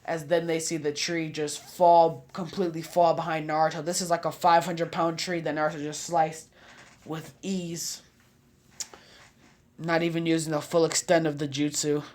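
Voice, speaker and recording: A man's voice: a little high, little pitch movement, moderate pace, a little mellow. A man casually narrating a fan fiction story, rambling with offhand asides.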